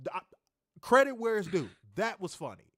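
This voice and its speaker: A man's voice: high-pitched, big pitch swings, moderate pace, a bit bright, dry recording, studio quality. A man co-hosting a wrestling review show, ranting in an exasperated, profane, mocking way. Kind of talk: ranting casual review chat.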